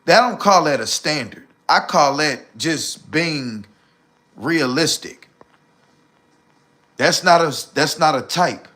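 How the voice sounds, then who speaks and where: Male livestream host, AAVE, blunt preachy delivery with heavy profanity; bright, fairly high voice. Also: animated, slow pace, pauses often. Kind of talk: casual livestream rant.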